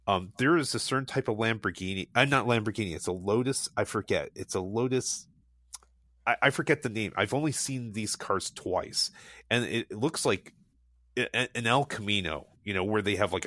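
A man's voice: on the low side, sharp tone, no room sound. A man chatting casually as a guest, telling enthusiastic, rambling stories full of restarts and fillers. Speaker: guest recommending local car meets. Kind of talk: casual conversational storytelling.

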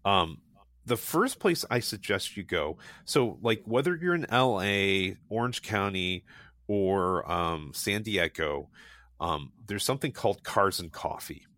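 A man's voice: deep voice, animated, measured pace, a bit bright, no room sound. A man chatting casually as a guest, telling enthusiastic, rambling stories full of restarts and fillers. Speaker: guest recommending local car meets. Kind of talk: casual conversational storytelling.

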